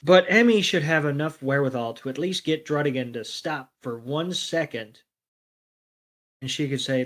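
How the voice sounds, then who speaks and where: A man's voice: a little high, moderate pace. A man co-hosting a podcast, chatting casually and retelling scenes by acting out the characters' lines. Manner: relaxed storyteller, acts out characters' lines. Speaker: podcast co-host. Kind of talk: casual chat recapping a cartoon episode.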